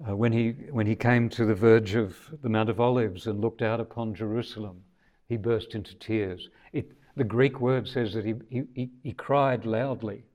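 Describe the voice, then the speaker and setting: A man with a fairly low voice delivers a sermon. He talks in a conversational, reflective way and often circles back to restart a phrase. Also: steady tone, moderate pace, a little mellow. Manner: conversational, thoughtful, with frequent restarts. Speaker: preacher.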